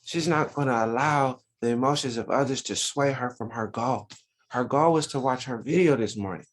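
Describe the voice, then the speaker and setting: A man's voice: mid-range voice, moderate pace. A man teaching a religious Sunday school lesson, preaching with lots of rhetorical questions to his listeners.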